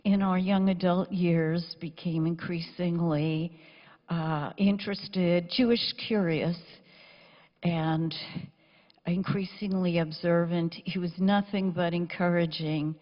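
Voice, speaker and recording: A woman giving a eulogy for her father, speaking quietly and breathily, close to a whisper. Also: on the low side, fairly even intonation, takes it slowly. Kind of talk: funeral eulogy. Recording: echoey hall, dull lo-fi sound.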